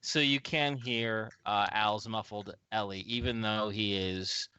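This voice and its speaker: Bright-voiced male game master. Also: on the low side, unhurried, clear, resonant tone, no room sound, highs cut off. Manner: relaxed, filler-heavy narration. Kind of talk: narrating a tabletop game.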